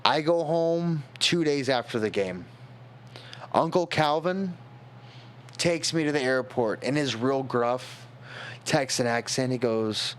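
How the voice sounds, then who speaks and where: A man's voice: mid-range voice, lively intonation, fairly bright tone. Rambling young man telling a story. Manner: rambling, halting, emotional. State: tipsy. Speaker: streamer. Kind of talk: casual storytelling on a stream.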